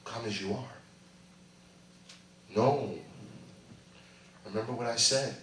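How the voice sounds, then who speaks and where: A middle-aged male pastor preaching a sermon, swinging between loud animated bursts and hushed asides. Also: medium pitch, takes it slowly, slight background noise. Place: church sanctuary. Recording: echoey church sound from a distant mic.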